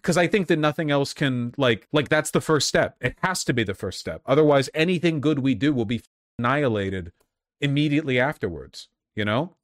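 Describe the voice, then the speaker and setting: A man's voice: medium pitch, animated, fairly quick, no room sound. Rambling sarcastic man commenting. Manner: rambling, dry sarcastic asides with many "like"s. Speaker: streamer reacting to a debate clip. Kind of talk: casual commentary.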